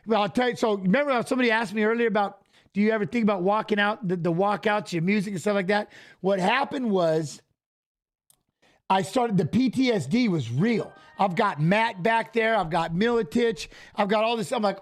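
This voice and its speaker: High-voiced animated middle-aged man. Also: brisk. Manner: animated, acts out quoted dialogue, repeats "I go". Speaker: watch-along co-host. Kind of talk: casual storytelling on a live stream.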